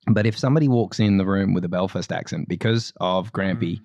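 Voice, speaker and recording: A man's voice: low voice, a little fast, a little mellow, no room sound, highs cut off. A man co-hosting a podcast, telling rambling family stories in casual chat, laughing often and restarting his sentences. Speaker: podcast co-host.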